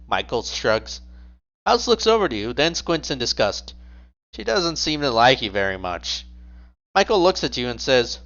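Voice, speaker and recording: A man narrating a tabletop role-play as game master, addressing the player in the second person. His pitch rises and falls freely as he narrates. The recording sounds dull and lo-fi. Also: sing-song, normal speed, a bit bright.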